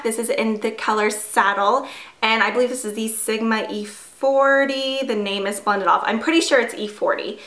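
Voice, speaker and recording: A woman's voice: fairly high pitch, a bit bright. A woman in her twenties chatting casually through a makeup tutorial, full of fillers and self-deprecating asides. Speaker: beauty vlogger. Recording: echoey room.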